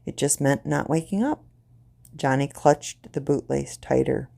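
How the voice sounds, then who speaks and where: A woman storyteller reading a grim short story aloud, slowly and deliberately. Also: extremely low pitch, gravelly, dark tone.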